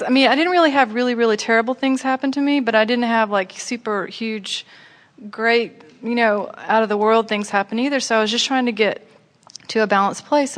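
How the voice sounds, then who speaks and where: A woman's voice: fairly high pitch, fairly bright tone, long reverb tail. A woman in the audience asking a question at a seminar, hesitant and searching for words.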